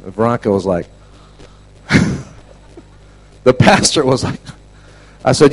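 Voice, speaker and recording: A man preaching a storytelling sermon to a class, animated, dropping to a hush and then shouting. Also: mid-range voice, normal speed, long pauses, slightly rough, rough recording. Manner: animated, swings from hushed to shouting.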